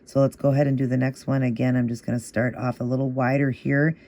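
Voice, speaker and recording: A man with a mellow, gravelly mid-range voice talks fast through a casual nail art how-to. Each step gets patiently repeated in a steady cadence, and he keeps urging the viewer on.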